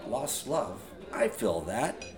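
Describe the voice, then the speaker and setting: A man's voice: fairly low pitch, very animated, slow, a little mellow, some chatter behind. A man hosting a podcast, talking in a casual, profane monologue full of exasperated gripes. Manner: profane, ranting, exasperated storytelling. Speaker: podcast host.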